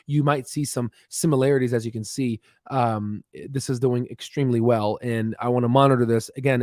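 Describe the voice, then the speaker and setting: Fast-talking man explaining stock charts. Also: medium pitch, a little mellow, no room sound, clean studio sound. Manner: many fillers and restarts, talks fast on purpose. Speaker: stock market educator. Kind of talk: chart walkthrough, casual explainer.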